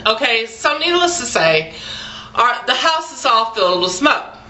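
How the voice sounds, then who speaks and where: A woman in her forties telling a personal story to the camera in a chatty, animated way, talking straight to her viewers. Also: fairly high pitch, unhurried, rough recording. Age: 40s. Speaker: vlogger.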